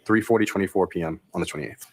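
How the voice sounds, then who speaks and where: Casting note: man on the witness stand, very low voice, quick monotone reading. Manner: flat monotone delivery. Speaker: state trooper testifying in court. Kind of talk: reading text messages into the court record.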